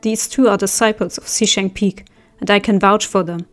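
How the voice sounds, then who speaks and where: A woman voicing a proud young man who firmly calms a crowd and snaps impatiently at his cousin. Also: mid-range voice, normal speed, natural voice. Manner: firm, impatient, huffy. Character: proud, prickly young man, the little phoenix.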